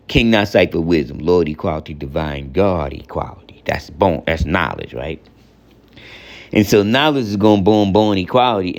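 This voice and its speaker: A man with a low, gravelly voice teaches in a loose, rambling way. He ticks off terms one at a time, circles back over the same points and keeps checking that the listener follows. His voice has a rough, creaky edge throughout. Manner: spells out and counts off terms one by one. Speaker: teacher of religious lessons. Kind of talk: informal spoken lesson.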